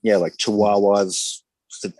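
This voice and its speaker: A man's voice: on the low side, little pitch movement, a little mellow, no room sound, low-quality recording. Playful male host, teasing banter, dry close sound. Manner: joking, teasing, quick to laugh. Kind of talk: casual chat among friends.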